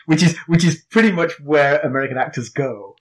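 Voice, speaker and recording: A man's voice: on the high side, fairly quick. A man with an English accent co-hosting a podcast, teasing drily and recapping a book. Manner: dry, teasing humor. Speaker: podcast co-host. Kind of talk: casual chat and book recap.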